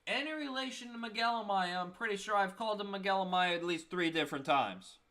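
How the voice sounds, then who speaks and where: A young man streams live baseball play-by-play in a high, bright voice. He sounds a bit tired and keeps it casual, with self-deprecating remarks tucked between the calls. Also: fast talker. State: tired, yawning.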